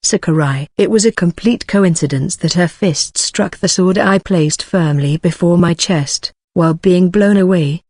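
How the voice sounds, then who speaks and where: A text-to-speech voice narrating an audiobook in an even, mechanical way. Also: mid-range voice, measured pace, few pauses, no echo, studio quality.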